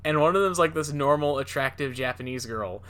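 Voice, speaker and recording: A man's voice: on the high side, a little fast, a bit bright, clear, resonant tone. A man co-hosting a casual podcast, talking in a rambling way with many fillers and restarts. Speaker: podcast co-host. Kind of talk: casual chat.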